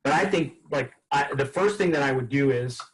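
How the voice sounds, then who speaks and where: A man's voice: mid-range voice, normal speed, poor audio. A man leading a sales training session, telling customer stories casually and acting out the dialogue. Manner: casual, lively storytelling with acted-out dialogue.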